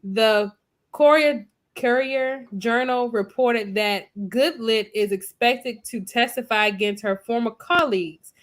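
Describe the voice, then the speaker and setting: A woman's voice: on the high side, measured pace. A woman co-hosting a podcast who reads a news item aloud in a plain, casual way. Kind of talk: casual chat and news reading.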